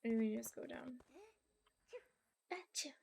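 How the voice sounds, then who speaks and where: A woman's voice: a little high, lively intonation, measured pace, creaky, a little mellow, slightly rough. A young woman thinking aloud and chatting while playing a video game on stream. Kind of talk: let's play commentary.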